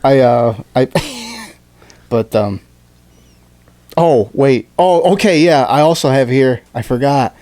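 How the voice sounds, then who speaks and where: A man co-hosting a podcast in casual chat, telling a story with lots of swearing and jumping into high voices when he quotes people. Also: expressive, slow, pauses often, warm tone. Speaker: podcast co-host.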